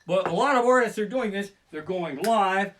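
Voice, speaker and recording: A man's voice: high-pitched, expressive, moderate pace, slight background noise. A man doing profane, self-deprecating stand-up comedy, livestreamed from his living room on a barebones home setup. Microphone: barebones home streaming setup.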